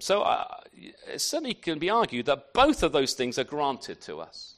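A man's voice: fairly high pitch, very animated, moderate pace, few pauses, fairly bright tone. A man preaching a sermon in an unscripted way, often restarting phrases and asking rhetorical questions.

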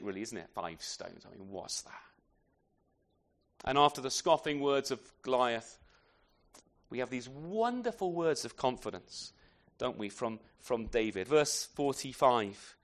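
A man with a medium-pitched voice preaches an expository sermon conversationally. He often turns his points into tag questions and throws in self-deprecating asides.

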